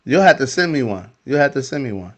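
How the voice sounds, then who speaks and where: A man's voice: mid-range voice, big pitch swings, quick pace, fairly bright tone, muffled recording. A man hosting a heated podcast debate, arguing and repeating himself. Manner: argumentative, repeats phrases.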